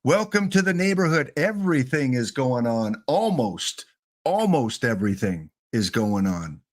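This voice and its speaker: A man hosts a casual livestream, rambling and joking straight to his viewers. His voice sits at a middle pitch, and he sounds a little winded as he talks. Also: very animated, unhurried. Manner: rambling, playful, talks to chat. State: a bit winded. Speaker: livestream host.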